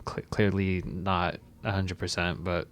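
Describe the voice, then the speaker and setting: Calm low-voiced podcast co-host man. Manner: calm, measured, reasonable. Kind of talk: casual podcast banter.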